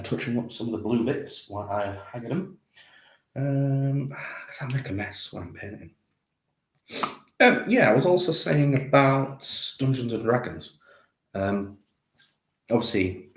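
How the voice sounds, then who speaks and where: Rambling deep-voiced man, echoey room. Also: creaky. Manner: rambling, self-deprecating, chatty with viewers. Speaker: live-streamer painting miniatures. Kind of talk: casual live-stream chat. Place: home conservatory.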